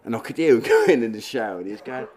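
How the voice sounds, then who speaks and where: A man's voice: mid-range voice, wildly swooping pitch, fast talker, darkish tone. A man, a guest angler, telling chuckling anecdotes on a live stage and acting out quotes.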